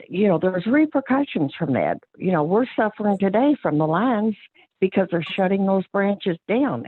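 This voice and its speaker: A woman's voice: mid-range voice, dry recording. Woman on a tinny phone line. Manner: plain-spoken and earnest, with frequent fillers and restarts. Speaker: county clerk. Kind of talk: remarks at a public board meeting.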